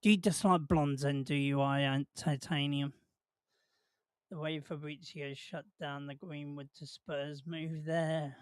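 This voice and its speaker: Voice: medium pitch, steady tone, measured pace, clear, resonant tone, no room sound, clean studio sound. A host, chatting casually on a live watch-along stream, rambling and jokey, laughing often and putting questions to the chat.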